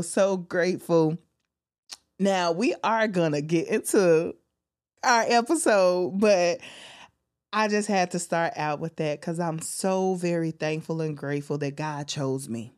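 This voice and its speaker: A woman hosting her own podcast, talking alone with deep feeling and frequent exclamations. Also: a little mellow. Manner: heartfelt, testifying, exclaims often. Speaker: podcast host. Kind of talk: emotional solo podcast talk.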